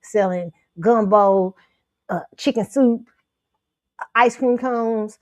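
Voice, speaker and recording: A woman's voice: a little high, slow pace, dry recording. Sassy, blunt woman host. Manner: blunt, sassy, animated, laughs often. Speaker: show host. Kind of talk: pop culture commentary livestream.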